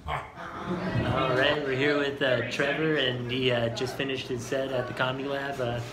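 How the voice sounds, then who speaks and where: A man casually interviewing a comic after his set, loose and halting, swearing offhand. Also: mid-range voice, fairly even intonation, a loud crowd. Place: bar comedy night. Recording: echoey bar with loud music.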